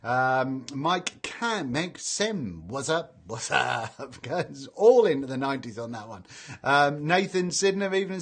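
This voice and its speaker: A man hosting a casual live stream, reading out viewer greetings in a chatty way and stumbling over names. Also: fairly high pitch. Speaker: livestream host reading chat.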